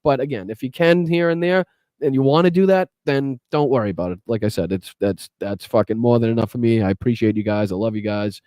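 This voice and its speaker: A man with a Boston accent hosts a live stream, reading out viewer names and thanking them in a loose, profane, chatty way. His voice is mellow and warm, in a dry room with little echo. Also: mid-range voice, brisk. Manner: casual, profane, grateful, many fillers. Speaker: podcast host. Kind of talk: live stream chat shout-outs.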